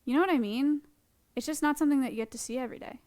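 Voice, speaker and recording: This young woman talks very fast in a high-pitched, slightly mellow voice. She's live-streaming from an indoor animal sanctuary room, chatting casually and fondly gushing about a tiny bug.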